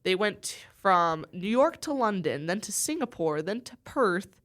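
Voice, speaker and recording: A woman's voice: mid-range voice, very animated, unhurried, a bit bright. A woman co-hosting a casual book podcast, bubbly, summarizing the story and laughing easily. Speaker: podcast co-host.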